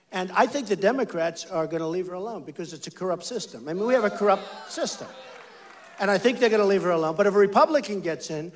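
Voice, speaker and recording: An American man in his sixties, a political candidate, delivers a rambling, emphatic speech at a large rally venue on a stage mic. His voice sits high, and he repeats phrases while speaking straight to the crowd.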